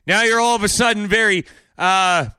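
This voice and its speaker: High-voiced, bright-toned sarcastic male commentator. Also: normal speed, smooth, no room sound, clean studio sound. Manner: sarcastic, mocking rhetorical questions; bursts into exaggerated shouted impressions. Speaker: podcast host. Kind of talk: opinionated commentary monologue.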